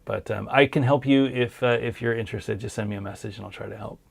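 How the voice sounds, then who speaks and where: Gravelly, easygoing male stream host. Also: on the low side, fast talker. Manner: easygoing, hesitant with many ums. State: tired, losing his voice. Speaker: host answering viewer questions. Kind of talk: casual livestream Q&A.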